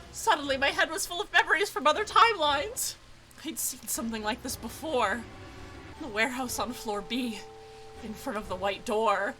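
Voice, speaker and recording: A woman streamer playing a video game, reading scenes aloud and reacting with excited shrieks and swearing. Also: extremely high pitch, unhurried, rough recording.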